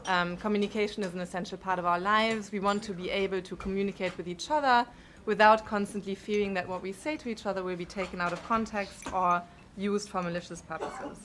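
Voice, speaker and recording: A woman's voice: medium pitch, steady tone, fairly bright tone, a little hiss or hum. German-accented woman giving a conference talk. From Europe. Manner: frequent ums and uhs, measured. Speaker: conference speaker.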